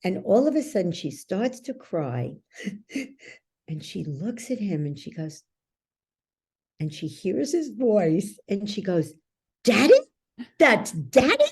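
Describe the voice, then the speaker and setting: A woman's voice: medium pitch, big pitch swings, slow, pauses often, mellow, breathy edge. A woman who is a guest coach, explaining ideas in an interview, telling stories and checking in often with the listener. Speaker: guest, belief-change coach.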